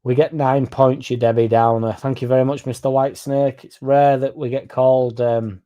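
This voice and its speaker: Young man, casual live-stream host, reads chat aloud, mellow voice. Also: medium pitch, flat delivery, normal speed, highs cut off. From England. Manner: chatty, sweary, reads comments aloud. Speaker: fan channel host reading live chat.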